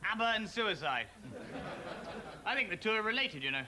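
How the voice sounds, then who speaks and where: An actor playing a rude, bigoted ex-British ambassador in a TV comedy sketch, blustering out insults. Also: male voice, high voice, big pitch swings, moderate pace, a crowd in the background. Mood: sneering. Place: TV studio with live audience. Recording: studio audience laughter.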